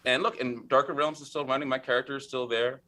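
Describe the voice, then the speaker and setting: Brief: man, 40s, podcast guest, crisp bright tone, mid pitch, chatty storyteller who keeps checking in with "right?". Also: quick pace. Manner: animated, acts out lines of game text; chatty, full of fillers and "right?". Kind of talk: conversational storytelling.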